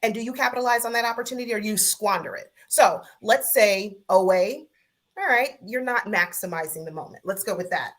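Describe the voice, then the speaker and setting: Measured woman making her point on a call. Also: medium pitch, fairly bright tone. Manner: measured, lawyerly, makes her point by repeating it. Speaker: podcast guest. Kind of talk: casual sports talk.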